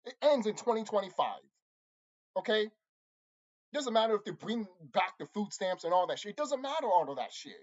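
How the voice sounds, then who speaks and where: A channel host delivering an angry, profane monologue to viewers, repeating himself and insulting his audience. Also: moderate pace. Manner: lively swings in pitch and loudness. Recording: dull lo-fi recording.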